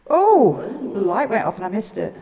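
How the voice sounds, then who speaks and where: A woman's voice: mid-range voice, big pitch swings, moderate pace, dark tone, a little hiss or hum. A woman chatting casually and cheerfully as a paranormal investigator. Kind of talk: casual chat.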